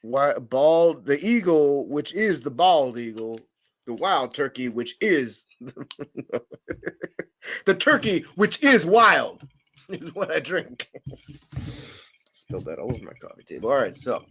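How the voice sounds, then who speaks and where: A young man talks casually on his own podcast, rambling and swearing as he tells stories. His voice sits a touch high for a man and swings up and down with plenty of life. Laughs slip into his loose, unscripted chat. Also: slow, long pauses, husky. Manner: rambling, laughing, profane, lively storytelling. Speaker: podcast host.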